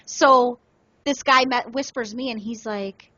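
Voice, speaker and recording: A woman co-hosting a casual gaming podcast, telling stories with lively energy and acting out other players in quotes. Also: fairly high pitch, unhurried, no room sound, lo-fi sound. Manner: animated storyteller, acts out other players in quotes. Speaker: podcast co-host.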